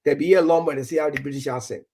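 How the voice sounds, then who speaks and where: A man's voice: fairly high pitch, steady tone, rapid-fire, mellow, a little hiss or hum. A man from Nigeria talking in casual chat, rambling, repeating words and acting out bits of dialogue.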